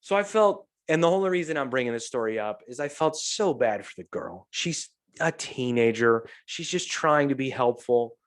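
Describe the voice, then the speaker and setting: Animated, swearing male podcast host. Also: mid-range voice, normal speed, few pauses. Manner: animated storyteller, swears freely, acts out quotes. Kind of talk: casual podcast chat.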